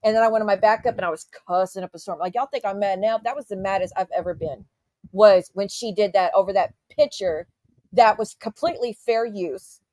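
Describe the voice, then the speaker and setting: A woman's voice: mid-range voice, a little fast, a little mellow, dry recording. A woman livestreamer ranting to her chat in an indignant, profane, casual way. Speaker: YouTube livestreamer.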